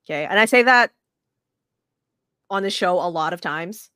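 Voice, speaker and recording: A woman co-hosting a sports podcast, telling stories in an animated, profane way with lots of restarts. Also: fairly low pitch, normal speed, clear, resonant tone, no room sound, clean studio sound. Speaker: podcast co-host. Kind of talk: casual sports chat.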